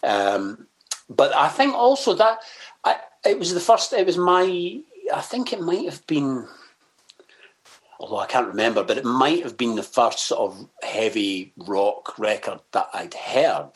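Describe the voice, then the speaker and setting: A man's voice: mid-range voice, sing-song, unhurried. Scottish man, guest, casual rambling chat, hesitant, sweary. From Scotland. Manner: rambling, hesitant, many fillers and restarts; swears freely, self-mocking.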